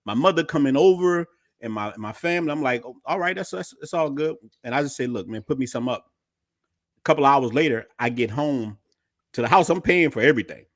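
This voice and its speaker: A man's voice: medium pitch, fairly quick, no echo, clean studio sound. A middle-aged man hosting a podcast, telling personal stories in casual, slangy chat. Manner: animated storyteller, slangy. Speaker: podcast host.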